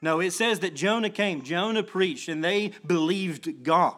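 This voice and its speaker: High-voiced earnest male preacher. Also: a little slow, a bit bright. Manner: earnest preaching with many restarts and emphatic swells. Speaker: pastor. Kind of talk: sermon.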